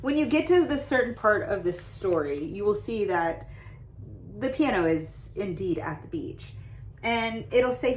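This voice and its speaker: A young adult woman hosting a lesson, talking casually and brightly about reading to children as she shows pages of books. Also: mid-range voice, measured pace, a little hiss or hum, rough recording. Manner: lively and chatty, showing off book pages. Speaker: host giving read-aloud tips to parents. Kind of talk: casual instructional talk.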